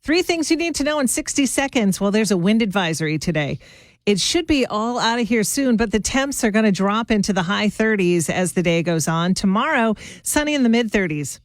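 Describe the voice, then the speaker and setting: A woman's voice: mid-range voice, expressive, brisk, dry recording. A woman hosting a morning radio show, chatting casually and self-deprecatingly with her listeners as if they were friends.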